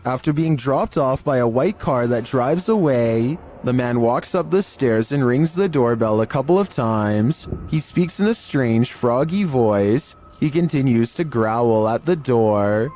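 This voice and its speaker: A man reading scripted narration for a compilation of eerie clips, in an even, measured delivery. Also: mid-range voice, slight background noise.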